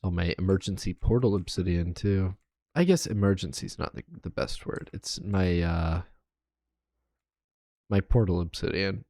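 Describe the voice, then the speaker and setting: A man streaming a video game live, talking casually and counting quietly to himself as he builds. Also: low-pitched, normal speed, creaky, no echo, studio quality. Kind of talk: casual gameplay commentary.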